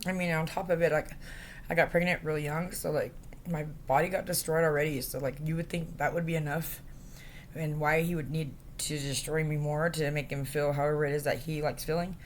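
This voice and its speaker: A woman speaking into a phone camera in a rambling, distressed rant, halting and profane, with many fillers. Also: low-pitched, level tone, a little hiss or hum. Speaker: vlogger.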